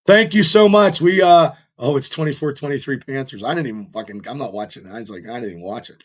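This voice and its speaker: Rough-voiced man telling rambling stories. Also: medium pitch, fast, crowd noise. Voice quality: rough, strained voice. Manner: rambling storyteller, heavy swearing. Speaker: podcast host. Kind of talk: casual podcast chat.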